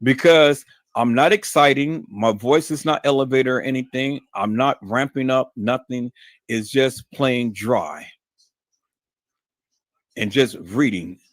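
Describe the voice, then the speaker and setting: A man hosting a live stream, talking to his audience and repeating himself, sometimes dropping low and sometimes raising his voice high for emphasis. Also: slow pace, no echo, clean studio sound. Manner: shifts from low muttering to high shouted emphasis; repetitive, addresses audience as "peoples". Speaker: YouTube live stream host. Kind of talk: livestream monologue.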